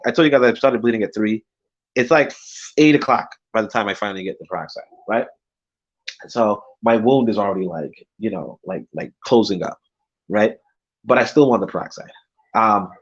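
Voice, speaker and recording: A man's voice: on the low side, animated, brisk, muffled recording. A man telling a story to his viewers in a casual rant, agitated and full of profanity and filler words. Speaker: vlogger.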